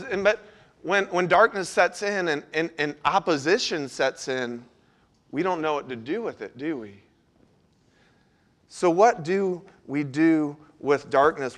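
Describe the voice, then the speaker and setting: Male pastor, high bright voice, storytelling sermon with animated asides.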